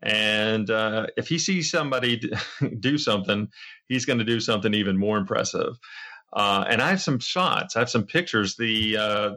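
Bright-voiced male podcast co-host. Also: on the low side. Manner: storytelling, rambling with many fillers and restarts. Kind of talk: casual chat.

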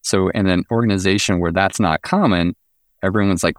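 Deep-voiced man talking business. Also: brisk, no room sound, studio quality. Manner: animated, acts out quoted exchanges. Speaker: guest, company founder. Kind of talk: business podcast interview.

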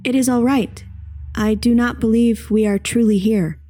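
A woman's voice: fairly high pitch, fairly even intonation, moderate pace, warm tone, a little hiss or hum, close to an everyday voice. A woman playing an earnest android woman who speaks stiffly and formally in a tabletop game. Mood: uncertain.

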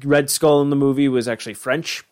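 A man's voice: medium pitch, steady tone, brisk, darkish tone, smooth. Male podcast co-host, loose and rambling, swears often, everyday mid-range voice. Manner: rambling, swears freely, lots of fillers. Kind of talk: casual chat.

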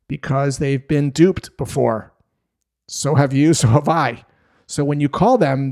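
Male sales trainer, direct and plain-spoken, mid-range voice, measured pauses. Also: medium pitch, a little mellow. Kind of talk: instructional talk to camera.

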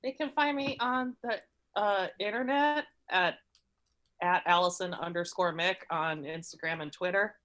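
A woman guest on a casual podcast who chimes in with quick jokes. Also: fairly low pitch, fairly bright tone. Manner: quick jokey interjections.

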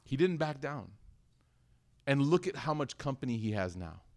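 A man's voice: mid-range voice, big pitch swings, normal speed, darkish tone. A man teaching an Islamic lecture, telling stories in an earnest, emotional way and reciting Arabic verses. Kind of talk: religious lecture with storytelling.

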